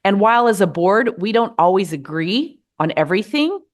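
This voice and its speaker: A middle-aged woman from the United States hosting a podcast, giving earnest, measured advice in a gently encouraging monologue. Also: mid-range voice, very animated. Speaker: podcast host.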